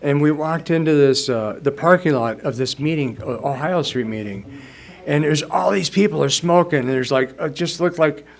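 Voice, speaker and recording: A man's voice: on the high side, normal speed, creaky. A man in his sixties telling his own story at a recovery meeting, casual and rambling, chuckling as he goes. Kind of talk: personal storytelling testimony.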